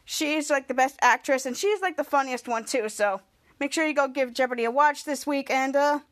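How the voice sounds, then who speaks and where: A woman's voice: sits high, normal speed, a bit bright. A woman hosting a podcast, recapping a show in a rambling, enthusiastic way, stringing events together with "and then". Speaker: podcast host.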